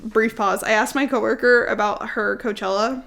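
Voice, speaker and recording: A woman co-hosting a podcast in casual, animated chat, swearing freely and acting out quotes. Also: a little high, normal speed, gravelly. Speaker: podcast co-host.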